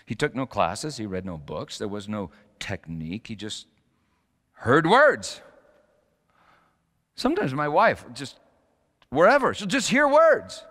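A middle-aged man preaches a sermon in a lively, wide-ranging voice. He tells his stories in dramatic swings, dropping to near-quiet and then surging loud. His words hang in the long reverb of a church hall. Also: mid-range voice, unhurried, pauses often. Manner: storytelling with sudden loud bursts and quiet drops. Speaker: pastor.

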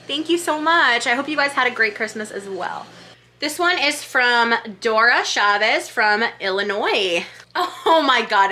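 A woman's voice: fairly high pitch, expressive, a little slow, bright, forceful tone. A young woman vlogger who gushes as she reads holiday cards aloud in a casual vlog. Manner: gushing, effusive.

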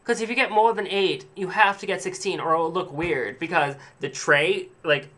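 Prissy condescending female store clerk done by a man, high and slow, bright tone. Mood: haughty.

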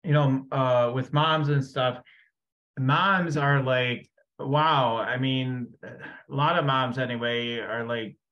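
A man's voice: medium pitch, slow. A man hosting a spiritual podcast, talking in a rambling, casual way with many restarts. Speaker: podcast host. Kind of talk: casual conversation. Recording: dull lo-fi sound.

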